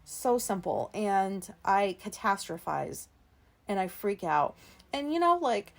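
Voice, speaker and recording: Woman, podcast host, halting rambling monologue, self-deprecating, mid-pitched voice. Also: animated, gravelly. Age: 30s. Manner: halting, full of fillers and pauses.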